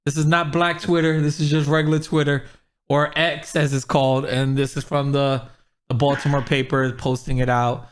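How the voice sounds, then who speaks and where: Animated man hosting a podcast. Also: fairly high pitch, normal speed, clean tone. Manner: animated, quotes people in raised voice. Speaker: podcast host. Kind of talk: casual chat.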